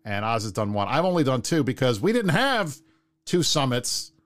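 A man hosting a casual talk show, relaxed and steering the conversation. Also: mid-range voice, normal speed. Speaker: host. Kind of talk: casual chat.

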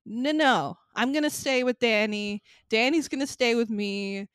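A woman's voice: fairly high pitch, measured pace, fairly bright tone, smooth, no room sound, studio quality. A woman co-hosting a casual podcast, recapping a horror movie in a loose, profane, laughing storytelling manner. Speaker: podcast co-host.

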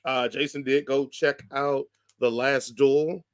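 A man's voice: mid-range voice, little pitch movement, takes it slowly, no room sound. Man, casual podcast host, agreeable banter, close dry mic. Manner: agreeable, joking, leads the segments.

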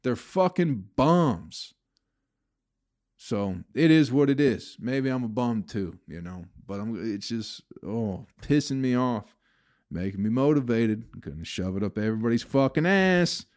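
A man's voice: lowish voice, animated, a little slow, a little mellow, no room sound, studio quality. A man hosting his own podcast, venting in a profane, bitter, rambling way about the comedy business. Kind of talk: casual solo podcast rant.

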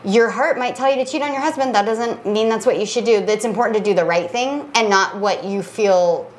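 A woman's voice: mid-range voice, a little fast. A woman co-hosting a podcast, talking earnestly and with opinions, filling her speech with "like". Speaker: podcast co-host. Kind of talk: casual chat.

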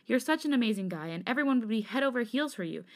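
A woman voicing a gentle young man who comforts a friend in a podcast fanfic reading. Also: fairly high pitch, expressive, fast talker, pitched above the performer's own voice. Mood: reassuring. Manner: gentle, reassuring.

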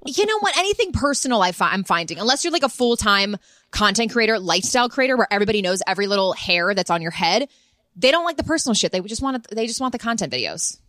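A woman's voice: medium pitch, very animated, fast, fairly bright tone, no echo, clean studio sound. A woman in her twenties co-hosting a podcast, talking frankly and supportively in casual chat, with casual swearing. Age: 20s. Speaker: podcast co-host.

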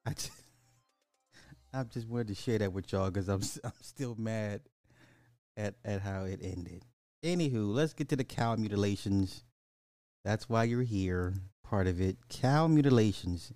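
A man's voice: fairly low pitch, unhurried, mellow, no echo, clean studio sound, faint music behind. A man hosting a casual livestream podcast, greeting viewers by name and chatting loosely. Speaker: podcast host.

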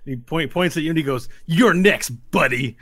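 Guy doing a bragging champ, loud and high, all swagger. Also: fast, dry recording, natural voice. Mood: taunting. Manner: brash, taunting. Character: cocky male champion gamer, boastful.

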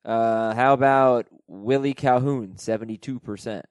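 A man hosting a fantasy baseball podcast, chatting casually and reading listener emails aloud with animated delivery. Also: medium pitch, a little slow, no echo. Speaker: podcast host.

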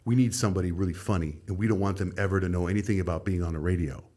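A man's voice: low-pitched, fairly even intonation, racing, dark tone. A middle-aged man, a radio host, telling stories of his career in a casual podcast chat and acting out the people he quotes.

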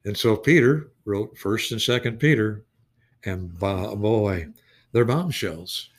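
A man's voice: fairly low pitch, slow pace. A man teaching the Bible in a casual conversation, folksy and emphatic, often restarting his sentences.

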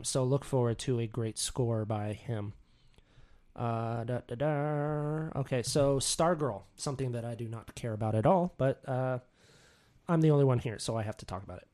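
A man's voice: mid-range voice, warm tone. A young man hosting a news podcast alone from his office, rambling casually and tripping over names with self-mocking humor. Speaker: podcast co-host. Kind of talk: solo news podcast chat. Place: home office.

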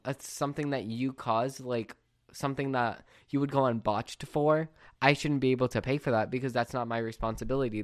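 A late-teen man talking solo on a podcast, ranting with exasperation in a casual way. His voice sits in a middle range for a man. The sound is dry, with no room echo. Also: mid-range voice. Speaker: podcast host.

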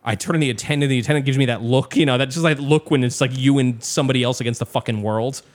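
A young man telling a story in casual chat, animated and swearing often, acting out other people's lines. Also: medium pitch, fast.

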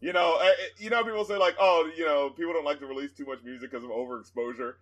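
Guy cohosting a music review podcast, swears a lot, laughs, goes way up high when he mocks stuff. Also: fast talker, lo-fi sound. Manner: animated, swearing, laughs a lot, mock-pleading voices. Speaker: podcast co-host. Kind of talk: casual music review chat.

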